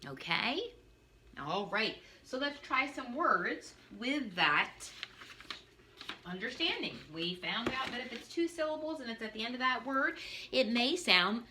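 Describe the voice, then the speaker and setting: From her living room, a woman teacher gives a phonics lesson for young children, animated and sing-song with playful asides. Her voice is fairly high and her pace measured, recorded on a camera on a stand with a little hiss or hum.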